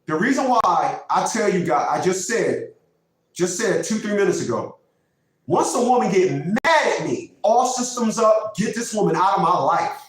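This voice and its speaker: A man in his fifties with a fairly high voice delivers a preachy, emphatic monologue, hammering his points by repeating them. He sits well back from the mic, and the room around him rings with heavy echo. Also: lively intonation, moderate pace. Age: 50s. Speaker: vlogger host. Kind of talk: casual monologue. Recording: very echoey room, mic far off.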